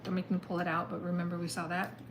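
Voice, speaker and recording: A woman's voice: on the low side, completely flat delivery, fast, background noise. Chatty woman doing a tarot reading. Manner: chatty, thinks aloud, exclaims at the cards. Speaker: tarot reader. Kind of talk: casual live tarot reading.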